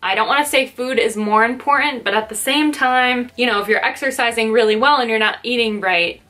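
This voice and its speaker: A woman's voice: a little high, fairly quick, a bit bright. Upbeat chatty young woman vlogging. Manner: chatty and upbeat, many fillers. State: slightly out of breath. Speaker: lifestyle vlogger. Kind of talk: casual vlog talk to camera. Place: her bedroom at home.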